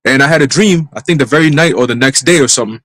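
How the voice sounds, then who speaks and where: A man in a live church stream telling a dream as testimony, in brisk street slang with some cursing. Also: medium pitch, fairly bright tone, no echo, low-quality recording. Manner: brisk storytelling full of street slang and profanity. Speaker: church minister.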